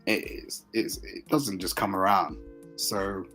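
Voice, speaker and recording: A man's voice: sits low, steady tone, slow pace, a bit bright, faint music behind, low-quality recording. A man joining a casual online chat as a guest, talking loosely and laughing often. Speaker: guest caller.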